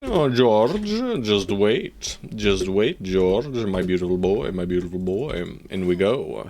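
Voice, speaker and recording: A man streaming live gameplay, joking and talking to his units with loud jumps on exclamations. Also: sits low, expressive, slow, few pauses. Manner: playful, jokey, talks to his units.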